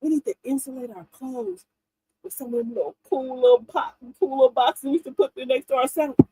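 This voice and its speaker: A woman in her fifties hosting a livestream, telling funny stories in an animated, laughing way to her viewers. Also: sits high, fast talker, slightly rough, no echo, poor audio. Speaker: livestream host. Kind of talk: casual chat to viewers.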